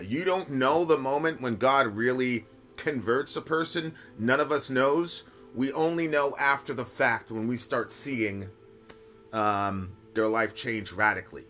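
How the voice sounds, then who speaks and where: A man hosts a casual live stream and answers viewer questions. His voice is bright and forceful, and his pitch sits in an ordinary middle range. He talks in a loose storytelling way, checking in with "right?" and "like", while faint music plays underneath. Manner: conversational storytelling, frequent "right?" and "like".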